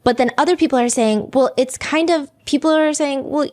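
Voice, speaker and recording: A woman's voice: sits high, fairly quick, a little mellow. A woman hosting a true-crime podcast, chatting casually and reading lyrics and comments aloud. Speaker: podcast host.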